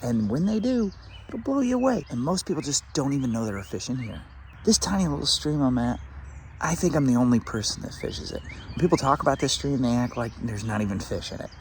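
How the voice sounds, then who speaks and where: A man filming himself fishing a small creek outdoors, chatting excitedly and talking to the fish as he reels them in. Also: mid-range voice, fairly quick, slight background noise. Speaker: fishing vlogger. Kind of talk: casual on-the-spot fishing vlog.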